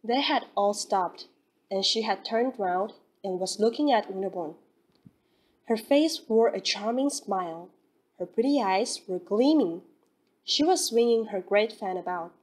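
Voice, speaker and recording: A woman narrating a classic novel as an audiobook reader, in a calm, even storytelling manner. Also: mid-range voice, measured pace, rough recording. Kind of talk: scripted narration.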